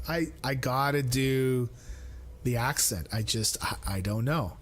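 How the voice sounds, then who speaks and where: A man's voice: medium pitch, measured pace. A man live-streaming a game in casual chat, thinking aloud, mumbling asides and teasing himself. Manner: self-mocking and playful.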